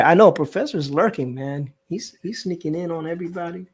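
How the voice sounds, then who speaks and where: A man's voice: a little high, a little fast, slightly rough. A man hosting a casual live stream, joking around and reading viewer comments aloud. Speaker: stream host.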